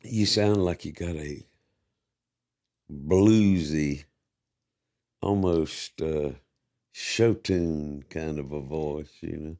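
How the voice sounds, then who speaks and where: Deep-voiced man hosting a podcast. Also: very slow, pauses often, mellow. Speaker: podcast host. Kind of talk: casual podcast interview.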